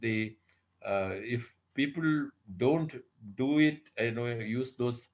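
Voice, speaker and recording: A man's voice: medium pitch, takes it slowly, highs cut off. A man giving an online lecture as a professor, thinking aloud with many fillers and posing rhetorical questions. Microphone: video call.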